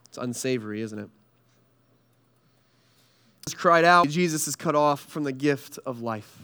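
A man preaching a sermon in an earnest style, pausing often and dropping soft and low on heavy lines. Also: expressive, clean tone. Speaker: pastor.

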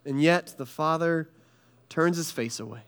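A man with a high, smooth, clear voice preaches a sermon. He speaks earnestly, leaving pauses and letting his voice fall quiet and low on the weightiest lines. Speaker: pastor.

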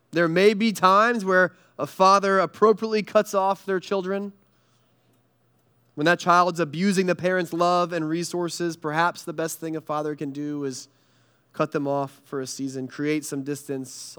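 A man with a high, smooth, clear voice preaches a sermon. He speaks earnestly, leaving pauses and letting his voice fall quiet and low on the weightiest lines. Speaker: pastor.

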